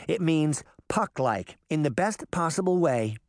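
A man's voice: a little high, lively intonation, measured pace, no echo, studio quality. A man voicing a sweet, earnest little girl in an audiobook. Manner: earnest and childlike. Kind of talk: audiobook character voice.

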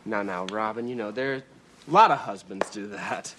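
A man's voice: on the low side, moderate pace, natural voice. An actor playing a nervous, jumpy young man in a sitcom, stammering through flustered double-takes. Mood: soothing. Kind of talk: sitcom acting. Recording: noisy clicky TV audio.

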